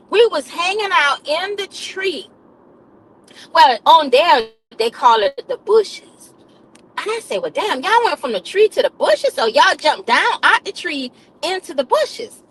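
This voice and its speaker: Lively high-voiced woman storyteller. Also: rough recording. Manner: dramatic, repetitive, calls listeners baby and honey. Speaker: live streamer and nurse. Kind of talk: animated comic storytelling to a live chat.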